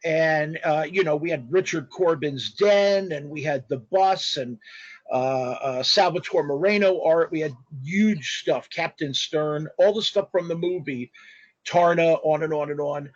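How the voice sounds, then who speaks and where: A man telling stories as a guest in a casual interview, animated and rambling, with spoken sound effects. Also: on the high side, unhurried, dry recording. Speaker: guest artist. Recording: dull lo-fi dry audio.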